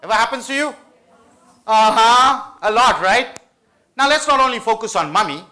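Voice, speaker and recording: A man giving school students a lively study-skills talk, playful and often asking the audience questions. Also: very high-pitched, moderate pace. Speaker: motivational study-skills speaker.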